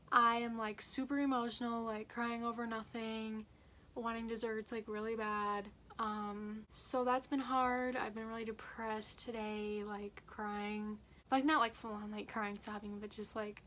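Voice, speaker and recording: A woman's voice: on the high side, fairly bright tone, a little hiss or hum. A teenage girl talking candidly to her phone camera at home in a rambling diary vlog, full of "like" fillers. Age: late teens. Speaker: vlogger. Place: at home, indoors.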